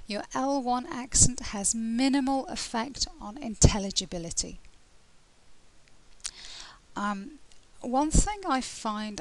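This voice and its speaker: British woman tutor, relaxed and chatty. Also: mid-range voice, rough recording. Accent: British English. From Britain. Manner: relaxed and conversational, with frequent fillers and restarts. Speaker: language test tutor. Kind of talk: lesson explaining test criteria.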